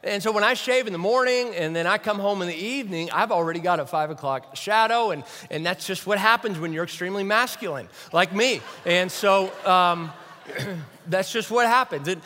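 A man's voice: high voice, sharp tone, big-room sound. A man preaching a sermon as a pastor, conversational and self-deprecating, often asking the audience questions. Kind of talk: sermon with humor.

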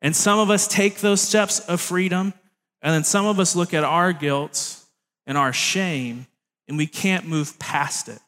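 A man's voice: sits high, unhurried, fairly bright tone. A young man preaching a sermon in a casual, conversational way, with jokey asides to the congregation. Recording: long hall reverb.

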